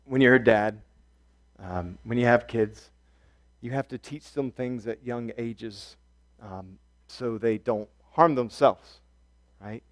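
A man, a pastor, preaches an earnest sermon at a slow pace with long pauses, his pitch in the middle range. He repeats key phrases and moves between hushed, soft passages and loud, emphatic ones.

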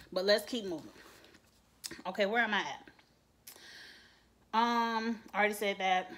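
A woman's voice: fairly high pitch, sharp tone. A woman giving a blunt, sassy and profane recap rant about a reality show, swearing freely and laughing between points.

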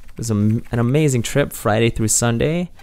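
A man's voice: mid-range voice, moderate pace, darkish tone, smooth. A man hosting a let's play video, chatting over the game in a jokey, upbeat way. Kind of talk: game commentary.

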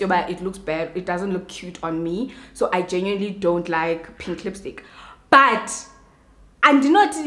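Xhosa-accented woman ranting in an echoey room. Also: mid-range voice. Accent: South African, Xhosa. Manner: animated, switching between English and Xhosa, asks "you understand?". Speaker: beauty vlogger. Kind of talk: casual ranting while doing makeup.

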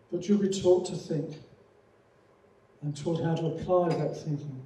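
A man's voice: on the high side, measured pace, pauses often, dark tone. Australian man in an echoey hall. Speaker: theology lecturer. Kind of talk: open-day talk to prospective students. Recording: echoey hall, distant mic, faint noise.

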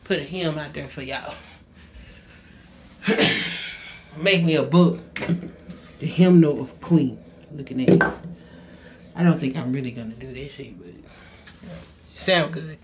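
A woman's voice: low voice, darkish tone, echoey room, a little hiss or hum. A woman giving a casual vlog rant as a spiritual advisor, blunt and heavily profane, drawing out words for emphasis. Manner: unhurried with drawn-out emphasis.

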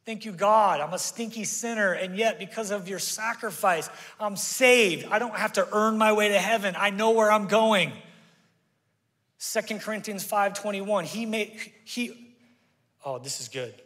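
A man preaching a sermon as pastor, conversational and energetic, leading the congregation in call-and-response. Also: sits high, unhurried. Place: church sanctuary. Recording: reverberant church hall.

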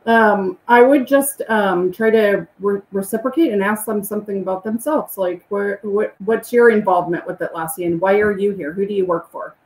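A woman's voice: moderate pace, few pauses, a little hiss or hum. Chatty woman guest, roomy sound. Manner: animated, acts out excited greetings in a high voice. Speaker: interview guest. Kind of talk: casual interview chat.

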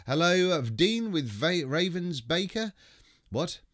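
A man hosting a casual livestream reads out viewer greetings, cheerfully stumbling over names as he chats, laughs often, and swears casually. His fairly high, fairly bright voice is sing-song and slow, captured in a dry, studio-quality recording.

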